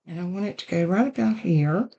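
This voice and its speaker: Low-voiced woman demonstrating card crafting. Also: expressive, fairly quick, dark tone, muffled recording. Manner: chatty, apologetic about coughing. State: coughing and sneezing. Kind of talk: casual craft tutorial.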